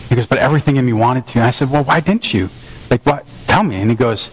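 A man's voice: medium pitch, lively intonation, fast talker, breathy edge, poor audio. A man preaching a sermon as a pastor, telling a family story in an earnest, conversational way with frequent restarts. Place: church sanctuary.

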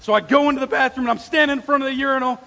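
A middle-aged male pastor preaches in an animated storytelling style, slipping into quoted voices as he speaks to the congregation. His voice sits high for a man. The sound carries a long reverb from the church hall. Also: racing, vocal fry. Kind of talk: sermon with storytelling.

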